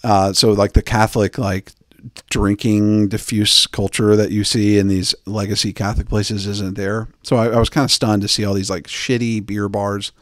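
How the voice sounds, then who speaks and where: A man's voice: fairly low pitch, flat delivery, moderate pace, no echo, clean studio sound. A man hosting a podcast, chatting casually in a rambling, joking way with lots of fillers. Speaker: podcast host. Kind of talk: casual chat.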